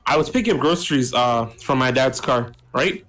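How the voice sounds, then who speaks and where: A man's voice: medium pitch, animated, a little fast, fairly bright tone. A man co-hosting a podcast, telling a story bluntly in casual chat, with slang. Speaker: podcast co-host.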